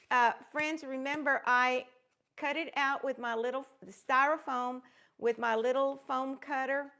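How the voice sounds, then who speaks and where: A woman chats her way through a crafting livestream, warmly rambling and greeting viewers one by one. Her voice sits high, with a gravelly, creaky edge running through it. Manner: gushing, greets viewers by name; rambling with many fillers. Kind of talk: casual live-stream chat.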